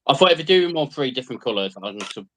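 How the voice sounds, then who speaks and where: A man's voice: mid-range voice, sing-song, racing, fairly bright tone. A man on a hobby livestream as the guest, talking in an easygoing, hesitant way. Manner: easygoing, hesitant, says um a lot. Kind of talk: casual livestream chat.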